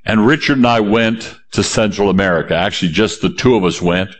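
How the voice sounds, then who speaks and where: A man preaching a sermon and reading scripture aloud. He is emphatic, repeats key phrases, and drops low and slow for weight. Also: roomy sound.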